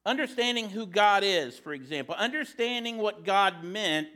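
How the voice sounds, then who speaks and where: Bright-voiced, high-pitched male preacher. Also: expressive, moderate pace. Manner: conversational, joking asides. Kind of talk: sermon.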